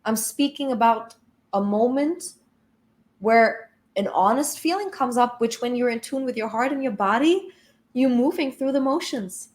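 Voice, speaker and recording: A woman's voice: on the high side, animated, normal speed. A woman spiritual coach giving an emphatic, blunt motivational talk with casual swearing.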